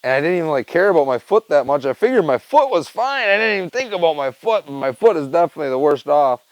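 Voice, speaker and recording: A man's voice: a little high, sing-song, fast, no room sound, poor audio. A man chatting loosely to his camera at home, rambling, swearing and laughing as he tells a story. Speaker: vlogger. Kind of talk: casual rambling chat to camera.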